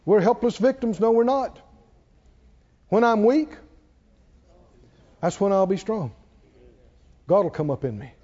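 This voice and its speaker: A male preacher with a strikingly high voice delivers an impassioned sermon, rising to forceful peaks and falling back to quiet passages. The recording is dull and lo-fi. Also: animated, unhurried, pauses often. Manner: impassioned, rising to loud peaks and dropping low. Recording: dull lo-fi sound.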